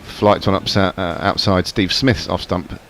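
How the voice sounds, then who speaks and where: Low-voiced male cricket commentator. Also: little pitch movement, moderate pace, gravelly, a bit bright. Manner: chatty, joking between deliveries. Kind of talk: ball-by-ball radio commentary.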